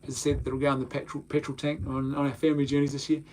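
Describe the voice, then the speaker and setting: A man's voice: mid-range voice, completely flat delivery, rapid-fire, a little mellow. A man from New Zealand with a New Zealand accent, hosting a casual live-stream chat and talking animatedly, often restarting and repeating words. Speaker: host of a film talk stream.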